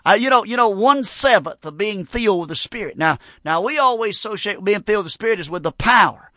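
A man preaching a fervent, folksy revival sermon, breaking into shouts. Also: sits high, animated, fast, no room sound, studio quality. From North Carolina. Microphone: broadcast on radio.

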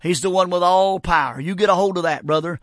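A man with a Southern accent from North Carolina preaching a fervent radio sermon, repeating himself and stumbling into quick restarts. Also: sits high, fairly bright tone, no room sound, clean studio sound. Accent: Southern American.

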